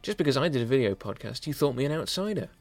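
A man's voice: mid-range voice, sing-song, fast, creaky, dry recording, soft background music. A man plays an earnest frontier preacher in a comedy podcast sketch. He pleads with the townsfolk in a solemn, sermon-like way. His voice sounds dry and close. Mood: pleading.

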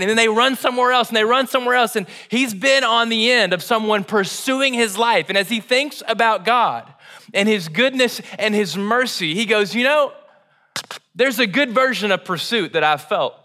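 A male pastor preaching a sermon in an animated, conversational storytelling way. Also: extremely high pitch, moderate pace.

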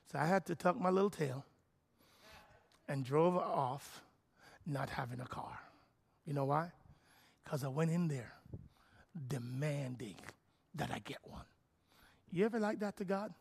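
A man preaching a sermon as pastor, animated and full of repeated phrases. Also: on the high side, normal speed, vocal fry, slightly rough.

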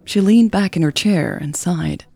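A woman reading a serialized romance story aloud in a gentle, even storytelling manner. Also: on the low side, measured pace, gravelly, no echo. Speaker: podcast narrator. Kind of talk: scripted narration of a romance story.

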